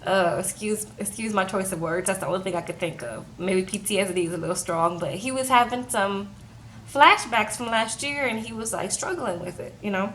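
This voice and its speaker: A woman's voice: medium pitch, brisk, fairly bright tone, slight background noise. A young woman casually recapping a reality TV episode, chatting loosely and often asking "okay?". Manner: chatty, frequent "okay?" and "like" fillers. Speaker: TV show reviewer.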